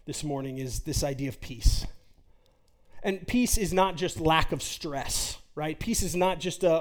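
Earnest high-voiced pastor preaching. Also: male voice, expressive, moderate pace. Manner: earnest, conversational, asks rhetorical questions, frequent "right?". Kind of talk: sermon.

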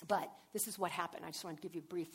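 Husky woman preaching with big swings. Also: on the low side, racing. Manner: animated storytelling, swings from hushed to loud. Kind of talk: sermon.

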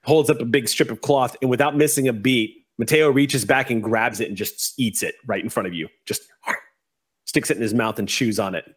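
A man's voice: medium pitch, brisk, slightly rough. A man narrating and running a tabletop role-playing game as game master, in a casual, easygoing way with laughs between the rules.

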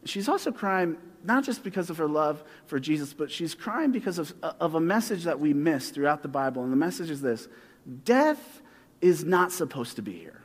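Animated conversational preacher, fairly high voice. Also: male voice, big-room sound. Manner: conversational and animated, often slowing down for emphasis. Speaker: pastor. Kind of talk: sermon.

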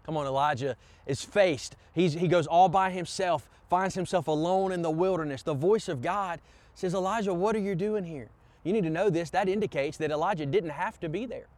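Male pastor, fervent sermon delivery, high-pitched, dry close sound. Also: fairly quick, darkish tone, no room sound. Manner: impassioned preaching, repeated "come on" calls to the congregation.

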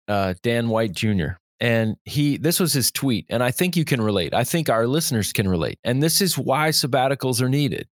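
A man, a pastor hosting a podcast, talking in a casual, animated way and reading quotes aloud. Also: medium pitch, no echo, clean studio sound. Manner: animated storytelling, laughs easily, reads quotes aloud.

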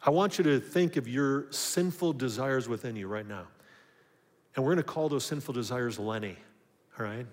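A pastor giving a sermon, telling a personal story and building to emphatic points. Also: male voice, medium pitch, animated, normal speed. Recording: long hall reverb.

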